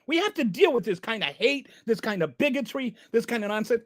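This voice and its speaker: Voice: mid-range voice, sing-song, brisk, dry recording. A channel host giving an exasperated, sarcastic rant of political commentary.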